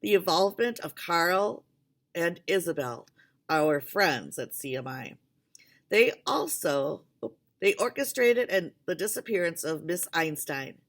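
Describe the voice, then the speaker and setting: A woman reading the lines of a cool, defiant male scientist, with measured, clipped replies. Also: fairly low pitch, animated.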